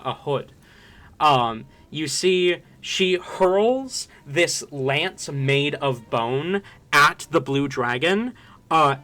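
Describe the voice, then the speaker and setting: A man narrating as game master for a tabletop game, halting often with fillers. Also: medium pitch, sharp tone.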